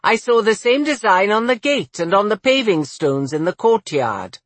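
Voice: mid-range voice, big pitch swings, moderate pace, no echo, voice pushed up. A narrator voicing a determined young noblewoman guardian who questions insistently.

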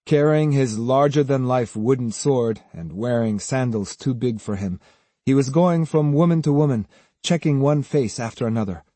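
A man's voice: mid-range voice, normal speed, warm tone, no room sound. A man reading a novel aloud as an audiobook narrator, giving each character a voice. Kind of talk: scripted narration.

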